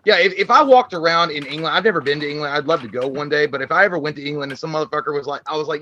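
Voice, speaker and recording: A man's voice: a little high, very fast, few pauses, sharp tone, muffled recording. A man co-hosting a live movie stream, chatting casually with profane, crude jokes.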